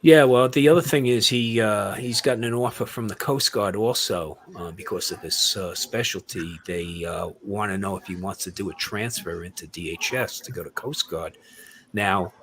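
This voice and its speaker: Older male host, lowish voice, easygoing rambling chat full of uhs. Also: normal speed. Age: 60s or older. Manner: rambling, many fillers and restarts. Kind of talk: casual group chat.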